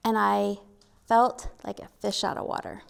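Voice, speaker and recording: Speaking at a moderate speed with a level tone, a middle-aged woman recounts her personal story onstage at a live event. Her medium-pitched voice is clean with some vocal fry, and a slight Oklahoma accent marks her home state. Her humor is candid and self-deprecating.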